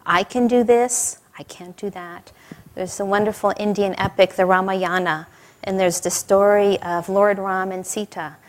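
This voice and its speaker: A woman spiritual teacher gives a sermon, telling warm stories conversationally with light laughter and questions to the audience. Her medium-pitched voice is steady in tone and measured in pace.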